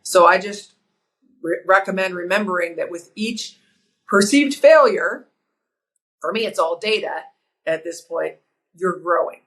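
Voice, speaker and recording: Energetic woman broadcaster, interview guest. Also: lowish voice, a little slow, pauses often, poor audio. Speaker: guest, sports broadcaster and author. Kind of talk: podcast interview.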